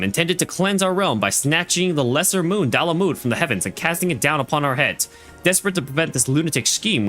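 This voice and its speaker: A man's voice: a little high, bright, forceful tone. A man reading a stern female fleet admiral's dialogue aloud from a game, stumbling over names and lines as he goes.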